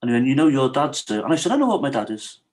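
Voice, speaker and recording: A man's voice: mid-range voice, big pitch swings, rapid-fire, darkish tone, rough recording. A man, a podcast guest, telling a true story in a casual interview and acting out the quoted dialogue.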